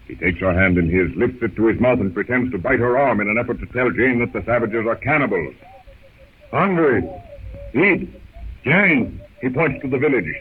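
A man narrating a 1930s radio drama in a dramatic storytelling manner, on a tinny old broadcast. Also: on the low side.

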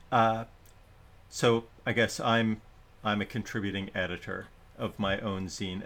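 Male host, lower register, casual live-stream talk, meandering and self-interrupting delivery. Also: fairly bright tone. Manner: rambling and self-interrupting, reads chat comments aloud. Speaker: show host.

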